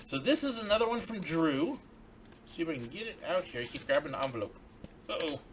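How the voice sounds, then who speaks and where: A man's voice: on the high side, sing-song, brisk, slight background noise. A man hosting a casual livestream, chatting and reading viewer mail aloud in a grateful, friendly way. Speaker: livestream host.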